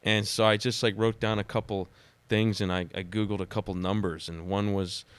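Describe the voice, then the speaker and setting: A man who is a podcast guest, telling personal stories in a dramatic, animated way during casual conversation. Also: on the low side, normal speed, clear, resonant tone, no echo.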